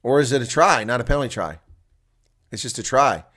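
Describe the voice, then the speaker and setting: A man calling a rugby match live as a chatty, excitable watch-along commentator, with a congested throat that keeps him coughing. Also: medium pitch, brisk. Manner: chatty and excitable, laughs at players' mistakes. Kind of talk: live play-by-play reaction commentary.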